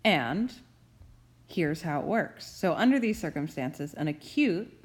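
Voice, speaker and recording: A woman's voice: sits low, expressive, unhurried. A woman professor giving a recorded grammar tutorial, explaining each rule patiently and methodically and repeating key terms.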